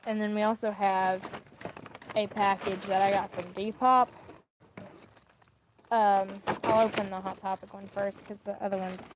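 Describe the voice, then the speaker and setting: A young woman rambling her way through an unboxing vlog, chatty and easygoing, her voice sitting at an ordinary middle pitch. She often lets her sentences fade to a near mumble. Faint noise hums under the recording. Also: little pitch movement, measured pace, pauses often. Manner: rambling, chatty, trails off quietly. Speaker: vlogger. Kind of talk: casual unboxing chat.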